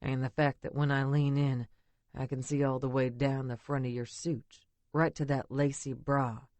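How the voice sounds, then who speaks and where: A woman voicing a rugged, possessive bearded man with a low rasping murmur, teasing and commanding in an audiobook. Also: level tone, normal speed, darkish tone, no echo.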